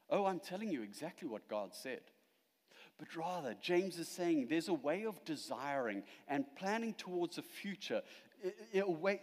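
Man preaching, fairly high voice, lively swings in pitch, emphatic then hushed, echoing church hall. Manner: animated preaching, rising to emphatic peaks and dropping quiet. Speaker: pastor. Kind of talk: sermon.

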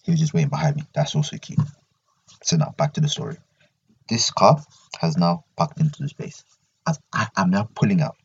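A man's voice: deep voice, a little mellow, slightly rough, lo-fi sound. A young man hosting a solo podcast, ranting animatedly and repeating his points. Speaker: podcast host.

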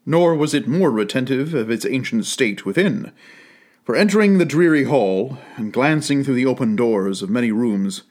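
Expressive male storybook narrator. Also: medium pitch, normal speed. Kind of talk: storybook reading.

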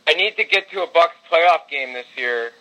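A man co-hosting a podcast, telling sports stories in casual chat, excitable and swearing now and then. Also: on the high side, moderate pace, low-quality recording. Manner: storytelling, swearing, excitable when reliving games. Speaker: podcast co-host.

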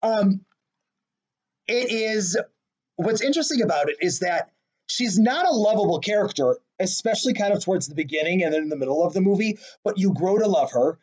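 A man's voice: sits high, lively intonation, brisk, a little mellow. A man co-hosting a casual chat about his favorite movies, gushing and self-deprecating, often laughing at himself. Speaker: podcast co-host.

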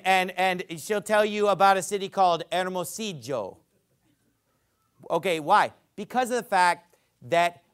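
A man preaching a sermon in a church auditorium, forceful and combative, often building to loud emphasis. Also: sits high. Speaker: pastor.

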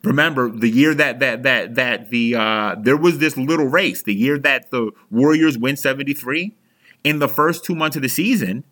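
A young adult man vents as an angry fan on his sports podcast. His voice is bright and forceful at a middle pitch. He sounds heated and profane and keeps restarting his sentences. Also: normal speed.

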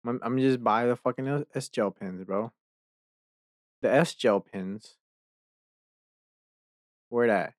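A young man hosting a podcast, chatting casually and ranting with heavy profanity, quickly exasperated. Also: medium pitch, no echo. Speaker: podcast host. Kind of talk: casual chat.

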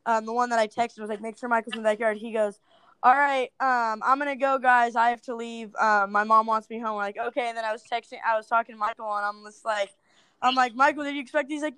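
A woman's voice: fairly high pitch, fairly even intonation, quick pace, fairly bright tone, smooth, no room sound, rough recording. A young woman being interviewed, telling stories in a chatty way, often laughing and acting out what people said. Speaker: interviewee, video creator. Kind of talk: casual interview storytelling.

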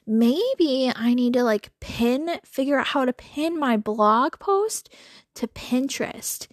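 Chatty animated woman podcaster. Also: sits high, slow, dry recording, clean studio sound. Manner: animated, chatty, frequent filler words and laughs. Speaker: podcast host. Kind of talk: casual monologue.

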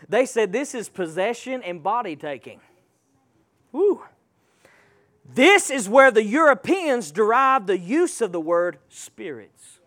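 High-pitched emphatic man preaching. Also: a bit bright. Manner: emphatic, calls out to the congregation. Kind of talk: sermon.

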